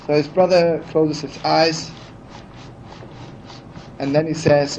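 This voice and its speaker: A man's voice: on the high side, fairly even intonation, takes it slowly, long pauses, darkish tone. A man telling stories in a heartfelt, chatty sermon, full of "you know" asides. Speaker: rabbi teaching. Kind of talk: storytelling sermon. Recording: dull archival recording with faint hiss.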